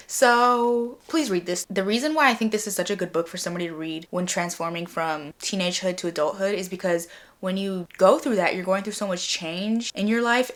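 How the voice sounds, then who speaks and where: Gushing young woman book vlogger. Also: fairly low pitch. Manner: gushing and excitable, full of likes and repeats. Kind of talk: casual reading vlog chat.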